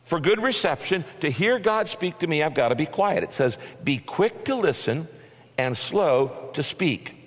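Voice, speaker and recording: Man, pastor, folksy sermon, slightly high voice, long hall reverb. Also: lively intonation, measured pace, breathy edge. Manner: folksy, conversational preaching with everyday examples. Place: church sanctuary.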